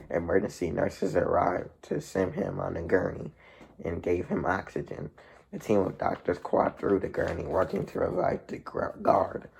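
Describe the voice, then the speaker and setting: A man reading a novel aloud as narrator in a gravelly, husky voice, with plain delivery, slips and restarts. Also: low voice, darkish tone, slight background noise.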